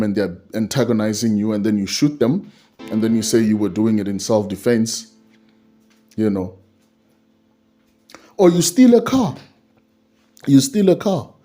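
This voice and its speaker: A man's voice: fairly low pitch, mellow. A man giving a solo commentary on a court case, repeating his points and asking rhetorical questions.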